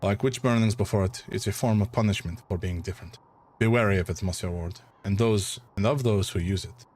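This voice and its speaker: A man putting on a French accent to voice a dry, skeptical male scientist who lectures gravely, reading game dialogue aloud. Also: lowish voice, brisk, a little mellow, natural voice. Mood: grave warning. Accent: put-on French.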